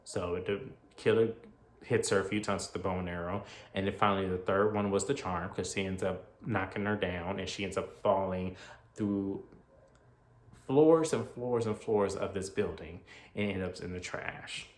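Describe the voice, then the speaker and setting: A man's voice: deep voice, normal speed. A man casually recapping a horror movie, chatty and acting out the characters' lines as he goes. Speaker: movie reviewer. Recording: echoey room.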